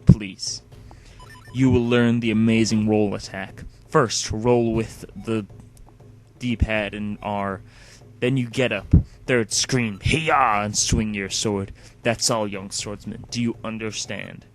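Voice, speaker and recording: A man's voice: on the low side, steady tone, slow, faint music behind. Greyblade, a man reading a boastful sword master. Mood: boastful instruction. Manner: read aloud in a near-plain voice, no accent. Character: self-proclaimed true sword master, boastful teacher.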